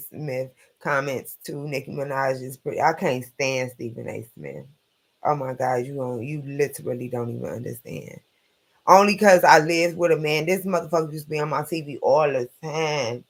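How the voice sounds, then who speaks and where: A man hosts a casual late-night live stream, talking bluntly and with plenty of profanity as he rambles from one opinion to the next. His voice sits a little high and has a gravelly, creaky edge.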